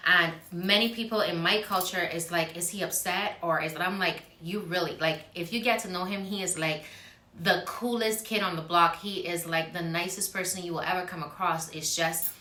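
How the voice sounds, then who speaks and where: A woman's voice: fairly low pitch, steady tone, normal speed, bright, forceful tone. Earnest woman chatting in an echoey room. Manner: earnest, explaining with examples. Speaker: co-host. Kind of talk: casual chat.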